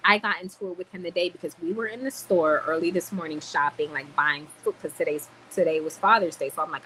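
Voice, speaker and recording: Woman, livestream rant, annoyed, swearing, lowish voice, faint background noise. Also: fast, few pauses, low-quality recording. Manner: animated, swearing, venting. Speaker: livestream host. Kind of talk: ranting livestream chat.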